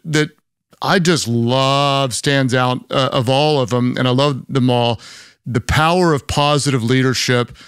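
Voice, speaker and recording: A man's voice: medium pitch, fairly bright tone, smooth, dry recording, clean studio sound. A man from Oklahoma with a Southern accent, hosting an interview and enthusiastically praising his guest. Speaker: podcast host. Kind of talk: interview host conversation.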